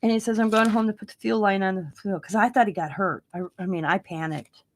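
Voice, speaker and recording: A middle-aged woman, a craft vlogger, chats casually at her home craft desk, rambling through a story and acting out the voices of the people in it. Her mid-range voice is quick, with slight background noise.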